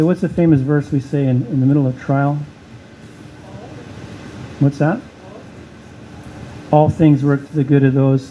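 A man with a notably high voice preaches a sermon, asking rhetorical questions and driving points home through repetition. The sound is a little muffled, with a faint hum of air conditioning behind him. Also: warm tone. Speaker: pastor.

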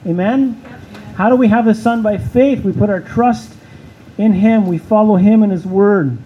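A man with a notably high voice preaches a sermon, asking rhetorical questions and driving points home through repetition. The sound is a little muffled, with a faint hum of air conditioning behind him. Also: normal speed. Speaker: pastor.

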